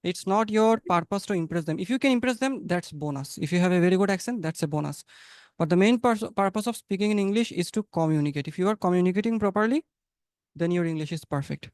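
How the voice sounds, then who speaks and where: A man teaches English conversation over a webinar video call. His voice is high and notably clear. The sound is dry and close, and he coaches his students by repeating his points. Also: animated, fast, darkish tone, no room sound. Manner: encouraging, repeats phrases, coaching tone.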